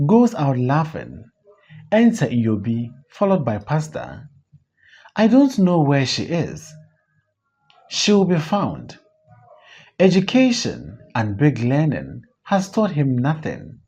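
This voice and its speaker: A slow, husky reader works through a stage play, lines and stage directions alike. The pitch leaps and dips all over the place, while the tone stays dark and mellow. The recording sounds dull and muffled. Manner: slow, measured reading with lively pitch swings. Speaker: audiobook reader. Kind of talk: reading a stage play aloud, stage directions included.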